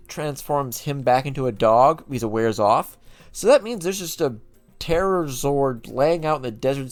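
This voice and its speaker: Male lore host, mid-pitched, rambling and self-correcting, soft music bed underneath. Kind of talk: casual lore recap.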